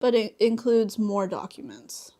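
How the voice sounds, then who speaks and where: With a warm, medium-pitched voice and a measured pace, a young woman makes casual conversation during a crafting stream. She laughs frequently and acts out the exchanges when she tells a story.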